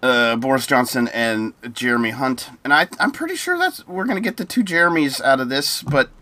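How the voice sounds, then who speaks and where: Bright-voiced man in casual podcast chat. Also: mid-range voice, sing-song, a little fast. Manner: chatty and laughing, with opinions on politics. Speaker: podcast co-host.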